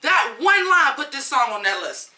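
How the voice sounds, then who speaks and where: A woman's voice: high-pitched, very animated, normal speed, bright, forceful tone, roomy sound. A woman reviewing songs in a blunt, profane, fired-up rant. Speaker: music reviewer. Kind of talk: ranting song review.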